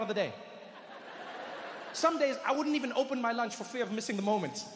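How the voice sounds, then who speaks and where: A man doing live stand-up, telling a story animatedly and acting out scenes, speeding up and slowing down for effect. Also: extremely high pitch, animated, noisy background. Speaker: stand-up comedian. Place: theater stage before a live audience. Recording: hall reverb, faint ambience.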